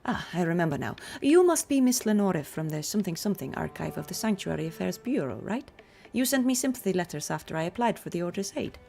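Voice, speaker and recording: A woman doing a calm, dry old merchant. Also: fairly low pitch, quick pace, creaky, hardly any pauses. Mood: earnest. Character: dry-witted older man, former merchant.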